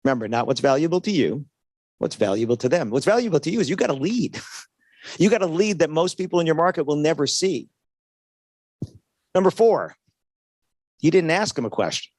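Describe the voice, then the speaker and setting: A man with a slightly high voice gives a lively sales seminar, speaking casually and tossing "right?" to the crowd again and again. His voice is dry and close, with almost no room sound. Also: a little fast, long pauses, dry recording. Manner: conversational, keeps asking "right?", acts out dialogues. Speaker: seminar speaker at a trade show. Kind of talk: motivational sales talk to an audience.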